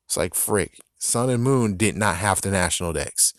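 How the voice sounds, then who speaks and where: A man's voice: sits low, expressive, normal speed, no room sound, clean studio sound. A man giving a ranting commentary on games, exasperated and profane, repeating himself as he vents. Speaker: gaming vlogger.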